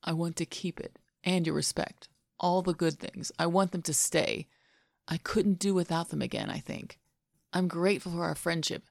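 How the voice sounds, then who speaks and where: A woman voicing a sly, fond adult man in a podfic of fan fiction, in a soft, lightly teasing way. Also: on the low side, moderate pace, creaky, no room sound, studio quality.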